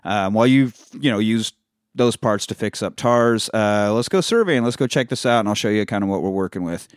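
Male podcast co-host, lower voice, dry close sound, loose profane film recap. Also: lively intonation, fairly quick, no echo. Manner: profanity-laced storytelling with quoted character voices.

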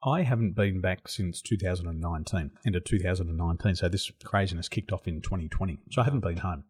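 A middle-aged Australian man telling stories as an interview guest, animated and laughing often. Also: sits low, fast talker, breathy edge. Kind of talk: casual interview storytelling.

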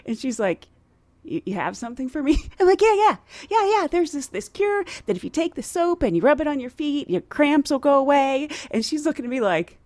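A woman's voice: sits high, fairly quick, hardly any pauses, dry recording. Bubbly laughing woman podcast host. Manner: bubbly, laughs often, animated quoting. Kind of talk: casual storytelling chat.

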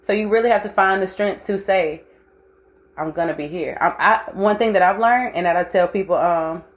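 A woman's voice: mid-range voice, moderate pace. A young woman hosting a casual livestream, blunt and profane, mixing life lessons with frequent laughter. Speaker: host.

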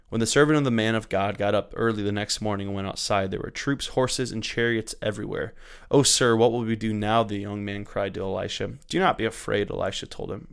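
A man hosting a daily Bible reading, reading scripture aloud in a measured, unhurried way, with small slips he corrects and a lift in his voice for quoted speakers. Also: lowish voice. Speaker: church Bible reading host.

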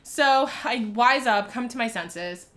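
A woman in her twenties telling a story in casual chat, animated, laughing and saying "like" a lot. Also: on the high side, takes it slowly. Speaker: storyteller guest.

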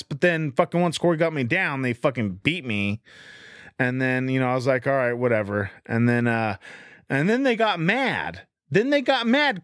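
A man's voice: high voice, fairly bright tone, no echo, clean studio sound. A man telling a rambling, boastful story in casual chat, swearing constantly.

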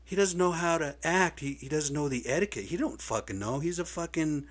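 A man's voice: fairly high pitch, animated, brisk, slightly rough. A man ranting in a vlog monologue, blunt and profane, getting worked up and swearing freely. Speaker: video blogger. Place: lives in Seattle area.

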